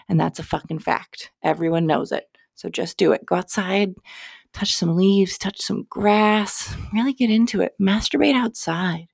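A woman's voice: on the low side, vocal fry, darkish tone, husky, no echo, studio quality. A young woman hosting a podcast, giving casual spiritual advice in a candid, chatty way, sometimes swearing and cutting herself off. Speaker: podcast host.

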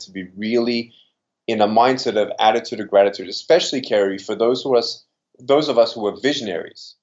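A man's voice: lowish voice, a little mellow, muffled recording. A man with a slightly Americanized Australian accent, speaking earnestly and with animation as an interview guest. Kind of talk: interview conversation.

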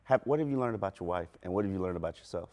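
A middle-aged man with a lowish voice co-hosting a casual podcast. He talks thoughtfully, restarting his sentences as he works up to a question. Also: lively intonation, racing, warm tone. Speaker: podcast co-host. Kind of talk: casual chat.

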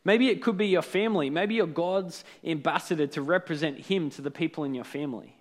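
A man's voice: fairly high pitch, fairly quick. A man giving a casual devotional talk as a preacher, conversational and often checking in with tag questions.

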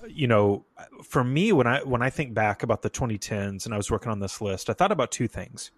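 A man hosting a casual music podcast, talking in a relaxed way with lots of fillers. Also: medium pitch, fairly quick, no echo. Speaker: podcast host.

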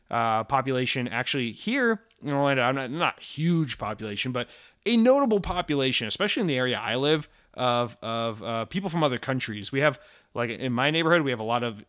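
Casting: young American man, standard accent, sarcastic, rambling, swearing, mid pitch, dry close sound. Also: a bit bright, smooth, dry recording. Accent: General American. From Georgia, USA. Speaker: podcast host answering listener letters. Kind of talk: casual chat.

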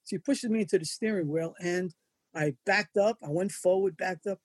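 A man's voice: high-pitched, normal speed, slightly rough, dry recording. An older man telling wrestling-road stories as an interview guest, acting out the voices of the people in his anecdotes. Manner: animated anecdotes, acts out quoted voices. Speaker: wrestling photographer and magazine editor. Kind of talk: storytelling in an interview.

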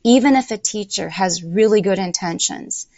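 A middle-aged woman appears as an interview guest on language learning, answering in a measured, emphatic way and laying out her points one by one. She has a medium-pitched voice with a darkish tone, and there's no room sound.

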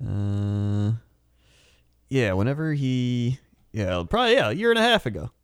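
A man in casual chat as a podcast co-host, laid-back and rambling, full of fillers and quick laughs. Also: mid-range voice, very animated, smooth, no echo, studio quality.

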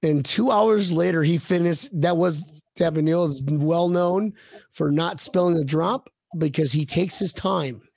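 A man co-hosting a casual sports podcast livestream, excitable, stammering through restarts and reading out viewer comments. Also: a little high, a little slow, gravelly, dry recording. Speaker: podcast co-host.

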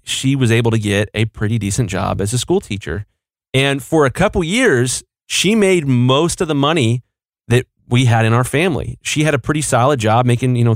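A man's voice: medium pitch, no echo, studio quality. A married man hosting a podcast, speaking bluntly and with strong opinions. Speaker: podcast host. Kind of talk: casual podcast chat.

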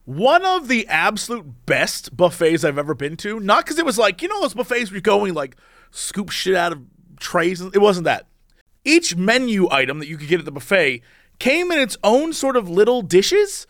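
A man co-hosting a podcast in casual chat, telling rambling, animated stories. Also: high voice, moderate pace, dry recording, clean studio sound. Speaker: podcast co-host.

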